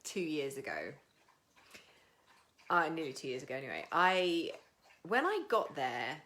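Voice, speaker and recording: Bright-voiced chatty British woman. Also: sits low, big pitch swings, measured pace. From Britain. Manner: chatty and frank, swears freely, greets viewers by name. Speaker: live stream host. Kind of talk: casual live stream chat.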